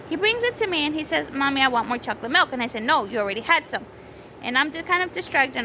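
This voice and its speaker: A woman's voice: high voice, background noise. A woman in her thirties telling a story about her week at home, rambling and correcting herself, with children heard nearby. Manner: rambling, self-correcting, breaks off to scold kids. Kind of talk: casual storytelling vlog. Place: home with small children around.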